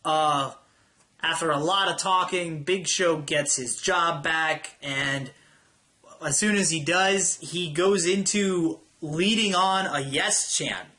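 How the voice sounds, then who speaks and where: A man's voice: on the high side, slow pace, sharp tone. A young man giving a profane, exasperated review of a wrestling show, talking bluntly and casually. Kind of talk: ranting weekly show review.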